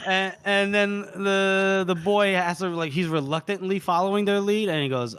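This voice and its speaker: A man's voice: sits high, fairly even intonation, moderate pace, few pauses, a bit bright, clear, resonant tone. A man co-hosting a book podcast, retelling scenes in casual chat and acting out the characters' lines. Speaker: podcast co-host.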